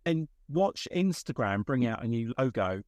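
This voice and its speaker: A man hosting a casual podcast chat, his voice at a middling pitch. He rambles through stories and acts out what other people said. The sound is dry and close. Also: moderate pace, no echo. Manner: rambling, animated storytelling with acted-out quotes. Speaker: podcast host.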